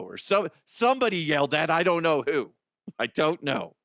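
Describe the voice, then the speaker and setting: A middle-aged man talks through a solo comedy podcast monologue in a lively voice that swoops up and down. He rambles and pokes fun at himself, laughing at his own jokes. The close mic sounds dry and upfront. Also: medium pitch, a little fast, no room sound. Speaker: podcast host.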